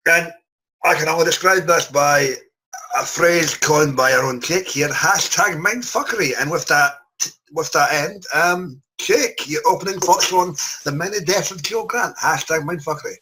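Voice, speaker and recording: A man hosts a loose, casual podcast chat and introduces his guests with teasing jokes. His voice is bright and forward, and he rambles along with plenty of ums and restarts. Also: fairly high pitch, normal speed, slightly rough, low-quality recording. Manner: jokey, rambling with fillers. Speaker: podcast host.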